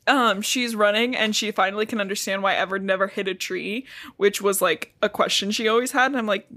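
A woman at a middling pitch recaps a book on a podcast in loose, casual chat. She swears freely and stays sarcastic throughout, dropping into brief voices when she quotes the characters. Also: a bit bright. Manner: profane, sarcastic, acts out characters' lines in quick voices.

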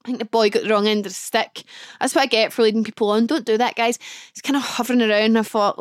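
Chatty girl in her 20s telling a story on her pod, kinda high voice, dead dry sound. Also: fairly even intonation, fast talker, smooth, no room sound. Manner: chatty, lots of "like", acts out her own thoughts. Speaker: podcast host. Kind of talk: casual storytelling monologue.

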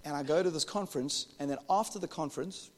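Pastor preaching in a reverberant hall. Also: male voice, a little high, fast. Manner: animated storytelling, jokes with the congregation. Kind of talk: sermon.

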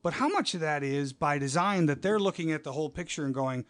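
A man telling show-business stories in a casual chat, animated, acting out quoted voices and swearing freely. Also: fairly high pitch, quick pace, few pauses, dry recording, clean studio sound.

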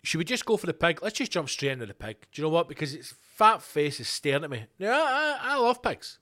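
A middle-aged Scottish man hosting a podcast, ranting alone in a sweary, animated, storytelling way. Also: a little high, quick pace. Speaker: podcast host. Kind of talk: casual solo rant.

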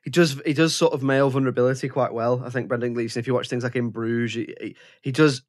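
A man hosting a casual film podcast. He stops and restarts often as he thinks aloud, at an ordinary mid pitch. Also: fairly even intonation. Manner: halting, repeats words as he gathers thoughts. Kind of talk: casual film review chat.

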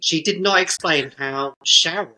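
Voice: medium pitch, unhurried, pushed and bright, rough recording. A podcast guest in casual chat, emphatic and opinionated, with dry jokes.

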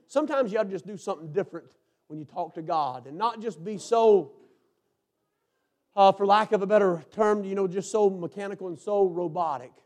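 A man preaching a sermon, swinging between hushed, intimate lines and fervent shouts. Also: sits high.

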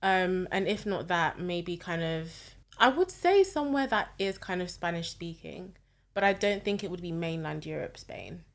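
A woman's voice: on the low side, expressive, moderate pace. A woman, chatting casually and playfully as a podcast co-host, often laughing. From London, England. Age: 20s. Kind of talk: casual chat.

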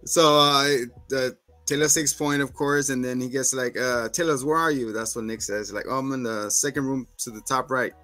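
A man's voice: medium pitch, fairly even intonation, normal speed, pushed and bright, faint music behind. A man co-hosting a podcast, casually recapping a TV episode, swearing freely and acting out lines from scenes with laughs. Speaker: podcast co-host.

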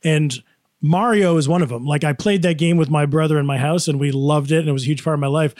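A man from upstate New York co-hosting a podcast, animated and questioning in casual chat. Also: fairly high pitch, fast, no echo, studio quality. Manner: animated, questioning, playfully indignant storyteller. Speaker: podcast co-host.

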